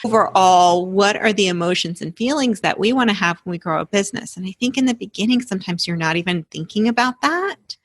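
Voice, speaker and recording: A woman podcast host with a mid-range voice speaks in a measured, reflective way, laughing easily in casual conversation. There's no echo.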